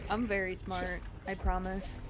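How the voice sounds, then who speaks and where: A woman's voice: mid-range voice, flat delivery, unhurried, over music. A woman chatting casually with friends while gaming, sarcastic and easily flustered. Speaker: guest in a gaming chat. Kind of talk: casual chat.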